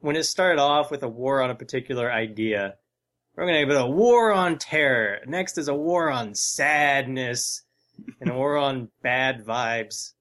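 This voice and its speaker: A man's voice: medium pitch, unhurried. Podcast co-host, man, loose rambling chat, swears casually. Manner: relaxed, rambling, cursing.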